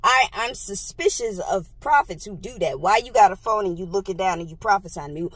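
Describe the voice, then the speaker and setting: A woman vlogger telling a casual story into a handheld phone, animated and exclaiming, laughing often. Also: medium pitch, brisk, hardly any pauses, breathy edge, dry recording. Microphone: phone held in hand.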